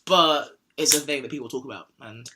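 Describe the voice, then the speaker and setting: A man's voice: medium pitch, brisk, background noise. A young man hosting a casual podcast, rambling and joking, now and then sliding into silly put-on voices. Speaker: podcast host.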